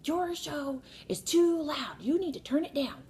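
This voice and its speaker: A woman's voice: high voice, big pitch swings, unhurried, slight background noise, voice pushed up. A woman voicing her daughter, an irritable bossy girl who snaps and scolds. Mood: scolding. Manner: sharp, scolding.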